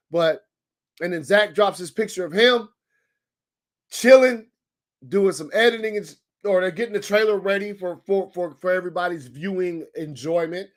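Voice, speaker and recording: A young man hosting a daily live stream, chatting casually and excitedly with his viewers. His voice sits a little higher than most men's. He talks in loose slang and greets people in the chat as they arrive.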